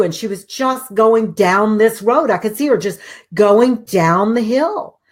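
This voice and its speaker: A middle-aged woman hosts a talk show, speaking in a mid-range voice. She tells her stories in an animated, lively way and acts out the voices of the people in them. She sounds conversational and direct. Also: mid-range voice, takes it slowly. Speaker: host. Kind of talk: storytelling talk show monologue.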